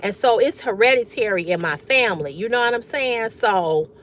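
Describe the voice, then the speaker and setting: A woman hosting a casual livestream, chatting with viewers, reading their comments aloud and often bursting into loud laughter. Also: on the high side, normal speed, a little hiss or hum. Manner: animated, reads comments aloud and reacts. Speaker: livestream host.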